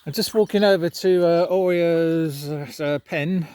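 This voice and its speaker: A man's voice: on the high side, unhurried, a little mellow, slight background noise. A man chatting casually to camera in a garden vlog, coaxing his pets in a sing-song voice. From United Kingdom. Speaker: vlogger. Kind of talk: casual outdoor vlog chat. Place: garden outdoors.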